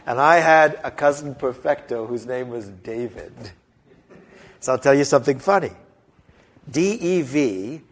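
A man in his fifties preaching a sermon as an animated storyteller, wandering into tangents and joking at his own expense. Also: mid-range voice. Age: 50s. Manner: animated storyteller, rambling, self-mocking humor.

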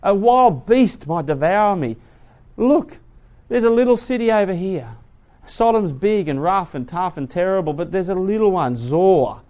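A man's voice: fairly high pitch, normal speed, darkish tone, lightly acted. A man preaching, voicing a frightened old man who begs to be spared. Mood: begging. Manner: begging, anxious.

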